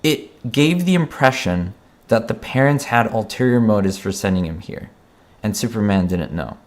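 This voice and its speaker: A man's voice: lowish voice, expressive, moderate pace. A man giving a casual spoken film review, passionate and frank, often repeating words and asking "right?" as he goes.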